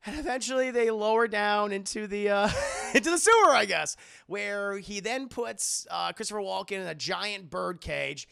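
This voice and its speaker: A man recapping a film scene by scene for a live stream, animated and profane, acting out the characters. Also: sits high, moderate pace, vocal fry, smooth.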